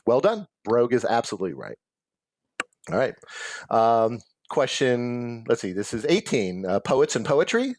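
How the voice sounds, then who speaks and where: A man's voice: mid-range voice, sing-song, a little slow, darkish tone, no room sound. A man hosting a pub trivia game, reading out questions and chatting about the answers. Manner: chatty, adds background facts after answers. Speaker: trivia quiz host.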